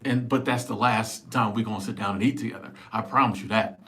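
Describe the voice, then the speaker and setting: A man in his forties hosting a casual live stream, answering viewers in an animated, emphatic, joking way on a small clip-on mic. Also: on the low side, quick pace. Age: 40s. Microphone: small wireless clip-on mic.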